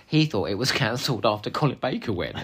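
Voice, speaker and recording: A man's voice: mid-range voice, animated, quick pace, a bit bright, slightly rough. A man co-hosting a podcast, chatting casually and animatedly, laughing often with playful asides. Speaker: podcast co-host.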